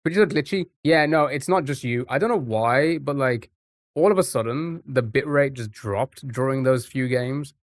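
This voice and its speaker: A man's voice: mid-range voice, normal speed, no echo. A young English man chatting casually to his live-stream viewers, rambling and reacting to their messages. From England.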